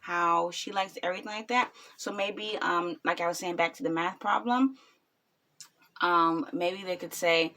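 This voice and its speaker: A woman's voice: lowish voice, steady tone, moderate pace, pushed and bright. A woman in her twenties, a new mother, talking bluntly and rambling with lots of ums in a casual reaction vlog. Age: 20s.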